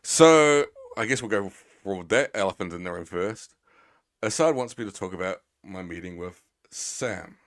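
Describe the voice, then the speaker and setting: A man's voice: sits low, expressive, moderate pace, no room sound, clean studio sound. A man casually chatting with his stream audience in a rambling, sweary, teasing way. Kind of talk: casual live-stream chat.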